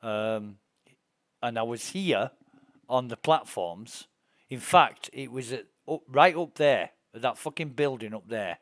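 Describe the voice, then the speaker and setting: A man's voice: mid-range voice, no echo. A middle-aged man chats while streaming a game, drifting into indignant, profane anecdotes. His voice sits in a middle register. It is recorded close, with no room sound. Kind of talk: casual gameplay chat and storytelling.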